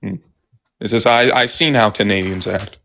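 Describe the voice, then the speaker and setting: A man calling into a show and arguing with the host, halting and full of fillers. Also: on the low side, vocal fry, sharp tone. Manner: hesitant, halting, many fillers. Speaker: caller. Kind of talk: call-in debate.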